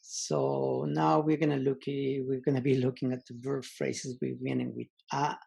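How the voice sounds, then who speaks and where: A man teaching a language lesson online, slowly repeating example words and pausing with many fillers. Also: mid-range voice, flat delivery, creaky, dark tone, husky.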